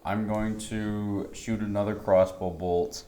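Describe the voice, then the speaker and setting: Male player with a very low voice, laid-back and jokey, over clear background noise. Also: level tone, slow. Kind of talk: casual tabletop play.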